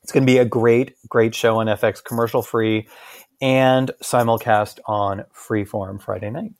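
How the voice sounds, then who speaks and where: A man from Boston co-hosting a chatty podcast, playful and animated. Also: mid-range voice, moderate pace. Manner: playful, animated, slips into joke voices. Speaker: podcast co-host. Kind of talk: casual chat.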